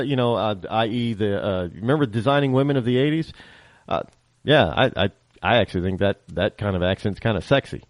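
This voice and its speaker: A man from the northern United States hosting a podcast, telling stories in a rambling, animated casual monologue. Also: medium pitch, brisk, no echo. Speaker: podcast host.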